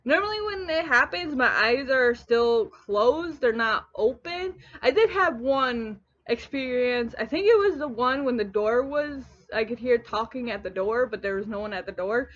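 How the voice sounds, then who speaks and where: A young woman telling a story in a casual home vlog, rambling and animated, often stopping herself mid-sentence. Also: a little high, normal speed, few pauses. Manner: rambling, animated, self-interrupting. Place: at home on a couch. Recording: dull lo-fi home recording.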